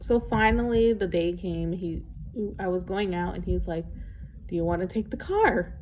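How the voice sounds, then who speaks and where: A woman's voice: lowish voice, expressive, moderate pace, darkish tone, slight background noise. A middle-aged woman recording a casual, rambling vlog, candid and a little emotional, with sighs and laughs along the way. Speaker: vlogger. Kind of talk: casual chat.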